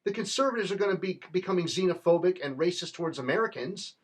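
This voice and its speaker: Man, political commentator, fervent rallying monologue, husky, slightly high. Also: animated, fast talker.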